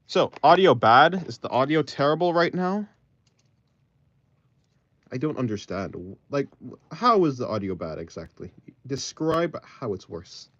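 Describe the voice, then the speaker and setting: A man's voice: medium pitch, animated, a little slow, pauses often, fairly bright tone, no echo. A man livestreaming while he draws, chatting with viewers, rambling and thinking aloud into a phone mic. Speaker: art livestreamer. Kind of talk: casual chat with a live stream audience. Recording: slightly dull audio, faint music.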